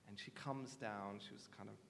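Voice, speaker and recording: Gravelly low-voiced man in a reverberant hall. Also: fairly even intonation, moderate pace, a bit bright, slight background noise. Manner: candid, self-deprecating storytelling. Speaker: guest speaker. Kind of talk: telling a personal faith story.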